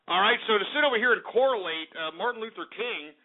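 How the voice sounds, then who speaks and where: A man's voice: high voice, lively intonation, fast. A man hosting a call-in talk radio show, ranting in a combative, profane way. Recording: tinny phone-like radio audio.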